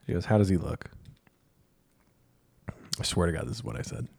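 Low-voiced man telling a candid story. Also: expressive, normal speed, creaky, a little mellow, husky. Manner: candid, self-deprecating, quotes others in dialogue. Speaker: podcast co-host. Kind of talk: casual storytelling chat.

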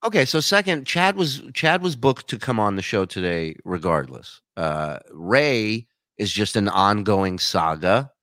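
A man, a show host appearing as a guest, telling stories in an animated way and laughing as he talks on a live stream. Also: on the low side, unhurried, hardly any pauses, dry recording, studio quality. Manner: storytelling, animated, laughs while talking. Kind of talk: casual live-stream chat.

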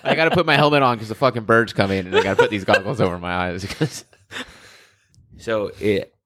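A young man with a fairly low voice tells paramedic work stories in relaxed chat. He acts out the people in them with lively quoted voices. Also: brisk, dry recording, studio quality. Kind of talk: casual chat.

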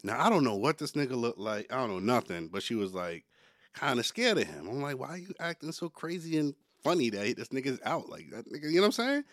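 A man in his forties co-hosting a podcast, telling a story with lively quoted voices in casual banter. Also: medium pitch, quick pace, no echo, clean studio sound. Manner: animated storyteller, acts out quotes loudly. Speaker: podcast co-host.

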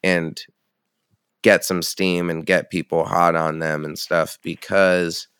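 A man's voice: sits low, level tone, measured pace, fairly bright tone, clean tone, no echo, clean studio sound. A young man chatting casually about music, enthusiastic and rambling, swearing freely as he talks about bands he works with. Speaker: founder of a music feature site. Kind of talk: casual podcast chat.

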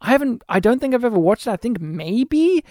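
A man with a notably high voice talks casually about movies, rambling and restarting his sentences. The sound is dry and close, with no room around it. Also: very animated, fairly quick, a little mellow, no echo. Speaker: podcast co-host.

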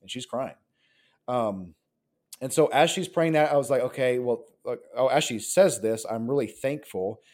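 A man's voice: medium pitch, moderate pace, darkish tone. A man around forty, a pastor, telling his story in a casual interview, rambling and earnest with lots of filler words. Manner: rambling, earnest, heavy use of "like".

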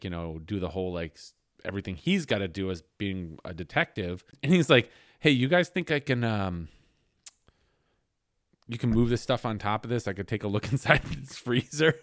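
A man co-hosting a podcast in casual chat, an excitable storyteller with crude humor. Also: fairly low pitch, a little fast, dry recording, studio quality. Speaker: podcast co-host.

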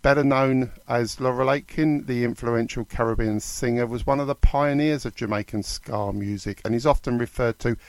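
A man's voice: medium pitch, fairly even intonation, normal speed, few pauses, no room sound. A man hosting a radio music show, reading artist histories in a lightly conversational way. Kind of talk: radio DJ narration.

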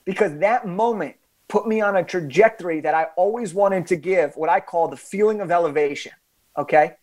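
A young man with a fairly high voice tells a story as a podcast guest. He talks with animated emphasis, often restarting his sentences as he builds the story. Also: brisk.

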